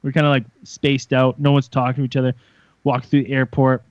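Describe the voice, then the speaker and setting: A young man co-hosting a podcast, telling a story in a lively, profane way and acting out the voices of others. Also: mid-range voice, brisk, dry recording. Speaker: podcast co-host. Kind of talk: casual storytelling chat. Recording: muffled lo-fi sound.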